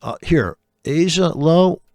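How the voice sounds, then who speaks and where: A man with a gravelly, fry-laden voice rants through his chart commentary. He swears freely and mocks others with biting sarcasm. His voice sounds dry and close, with no room around it. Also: a little high, animated, takes it slowly, darkish tone, dry recording. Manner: profane, sarcastic, mocking. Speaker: trader. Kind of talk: ranting commentary over live charts.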